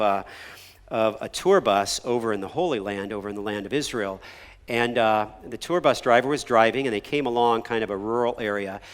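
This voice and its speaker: A man preaching a sermon at a middle pitch, talking with his congregation in an easy back-and-forth and sometimes dropping almost to a whisper for emphasis. His voice carries through a large church sanctuary with a long reverb tail. He acts out the people in his stories with lively voices. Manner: conversational preaching with frequent "right?" and "okay?" asides; drops to a hushed near-whisper on key words. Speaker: pastor.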